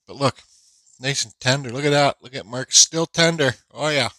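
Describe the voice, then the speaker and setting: A man's voice: mid-range voice, normal speed, bright, forceful tone, no room sound, rough recording. A man hosting a woodcarving vlog, talking casually and rambling with fillers and restarts while feeling unwell. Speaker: woodcarving channel host. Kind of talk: casual workshop vlog talk.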